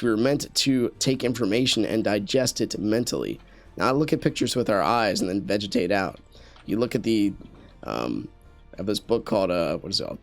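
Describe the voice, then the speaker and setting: Earnest, rambling man, lowish voice. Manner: rambling, self-correcting, earnest talk with many fillers. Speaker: gameplay commentator. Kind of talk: casual commentary while playing a game. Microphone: USB studio microphone.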